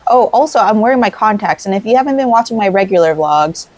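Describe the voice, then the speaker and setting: A woman's voice: medium pitch, expressive, fast talker, darkish tone. A woman hosting a casual let's play, chatting in a rambling way and giggling while she crochets. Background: faint game music.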